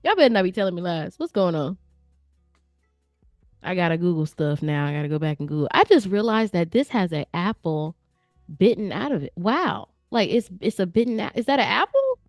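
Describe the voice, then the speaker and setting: A chatty woman hosting a live stream, talking playfully and straight to her viewers with plenty of slang. Her voice sits on the low side, recorded close and dry, with soft music playing faintly underneath. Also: very animated, a little fast, dry recording. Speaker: livestream host reviewing viewer artwork. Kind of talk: casual live-stream chat. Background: faint background music.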